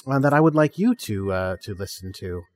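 A man's voice: on the low side, animated. Hesitant man host in reverb. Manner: halting, hesitant, many restarts. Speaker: comedy podcast host. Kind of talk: casual comic banter.

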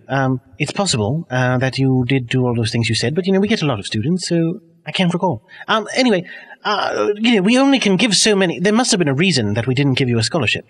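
A fast, animated man rattles on in a blustering, flustered way, his voice jumping around in pitch. The recording carries a long, echoey reverb. He plays a college dean on an improvised comedy podcast. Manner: blustering, flustered, quick back-and-forth.

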